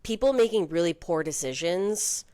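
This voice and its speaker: Chatty low-voiced woman podcast host. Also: lively intonation, warm tone, smooth, dry recording. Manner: chatty, heavy use of "like", quick asides. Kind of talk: casual chat.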